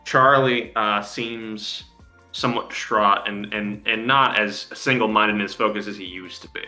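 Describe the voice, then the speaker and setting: Bright-voiced male game master narrating. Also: fairly low pitch, steady tone, normal speed, echoey room, soft background music.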